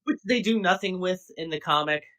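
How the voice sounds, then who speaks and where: A man's voice: high-pitched, a little fast, bright, forceful tone. A man co-hosting a podcast in casual chat, reacting a lot and hesitating as he speaks. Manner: reactive, hesitant, lots of fillers and restarts. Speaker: podcast co-host.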